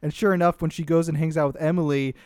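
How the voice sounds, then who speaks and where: A man's voice: fairly high pitch, fairly even intonation, fast, darkish tone, no room sound, studio quality. A man sarcastically picking apart a movie in casual chat, often laughing as he talks. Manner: sarcastic, laughs into his points. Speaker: podcast co-host.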